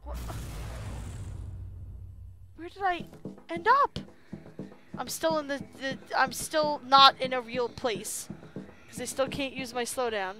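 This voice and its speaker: Young woman, horror game streamer, high voice, jumpy and profane. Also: slow, pauses often, bright, forceful tone. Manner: frightened, swearing, cries out often. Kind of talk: live horror game commentary.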